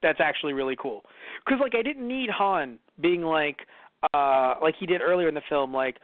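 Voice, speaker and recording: A man's voice: a little high, very animated, moderate pace, no room sound. A man co-hosting a podcast in casual chat, rambling with many fillers and restarts and acting out quoted lines in shifting voices. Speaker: podcast co-host. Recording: dry, phone-like lo-fi sound.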